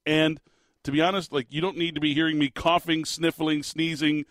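A man's voice: on the high side, level tone, moderate pace, a bit bright, no echo. A male sports talk radio host talking on his own into a studio microphone. He rambles in a loose, self-deprecating way, full of restarts and fillers, while getting over an illness. The sound is close and dry. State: recovering from illness, voice lost several times. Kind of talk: casual solo radio talk.

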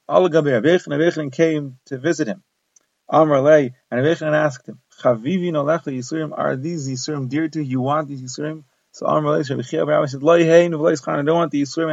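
Man, Talmud teacher, gravelly and quick, explains each Aramaic phrase in English, dull lo-fi dry recording. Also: on the high side, dry recording. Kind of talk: daf yomi Talmud lesson.

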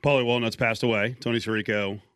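A man's voice: mid-range voice, fairly even intonation, fast talker, fairly bright tone, clean tone, no echo. A man with a mid-range voice hosts a casual sports radio show and steers the conversation. He throws out loose, open questions to his guests. The sound is dry and close. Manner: leads the talk, asks loose questions. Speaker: radio host.

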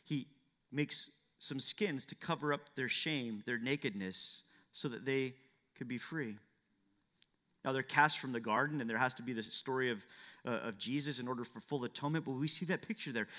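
A man's voice: mid-range voice, moderate pace, pushed and bright. A man preaching a sermon, acting out biblical dialogue with dramatic shifts and asking rhetorical questions.

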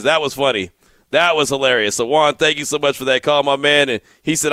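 A man hosting a sports call-in radio show, telling lively stories and laughing easily. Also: fairly high pitch, fast talker, no echo.

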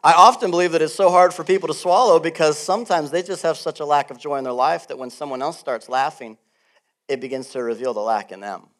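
Delivering a sermon, this middle-aged pastor talks fast in a fairly high voice. He laughs a lot and stays animated, veering from loud bursts to soft side comments.

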